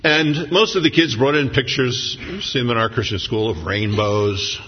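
This sermon comes from a pastor with a mid-range voice at a moderate pace, his family stories told with humor before he turns earnest and reflective. The dull lo-fi recording of a reverberant hall carries a little hiss or hum.

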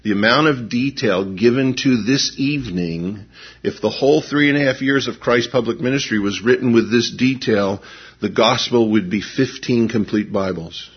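Husky-voiced pastor in his fifties preaching. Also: medium pitch, normal speed, highs cut off. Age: 50s. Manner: swings from hushed intensity to animated storytelling. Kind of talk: sermon.

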